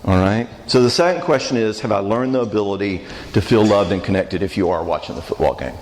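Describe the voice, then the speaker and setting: A man's voice: on the low side, animated, quick pace, darkish tone, slight background noise. A man giving a church marriage conference talk, conversational and joking, often asking the audience questions. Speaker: conference speaker. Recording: reverberant church hall.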